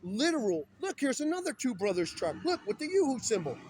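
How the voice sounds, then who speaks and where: A man's voice: very high-pitched, sing-song, brisk, a little mellow, slight background noise. A man talking in an agitated, urgent and rambling way while filming himself on his phone outdoors beside a busy road. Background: passing vehicles.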